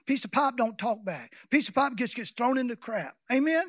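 A man preaching a sermon in a folksy, rambling way, often restarting and then building up to shouted exhortation. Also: extremely high pitch, lively intonation, moderate pace, few pauses, no echo, studio quality.

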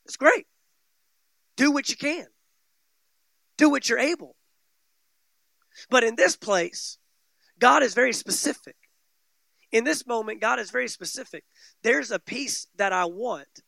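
A man preaching a sermon with emphatic, repetitive phrasing that swings between loud, stressed declarations and quiet, low passages. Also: expressive, measured pace, creaky, pauses often, dry recording. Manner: emphatic preaching, repeating phrases with rising and falling intensity. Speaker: pastor.

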